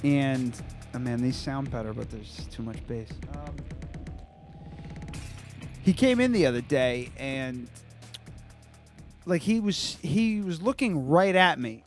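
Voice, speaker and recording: A man's voice: medium pitch, sing-song, slow pace, pauses often, soft background music. A man hosting a comedy podcast in loose, rambling, profane chat. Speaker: podcast host.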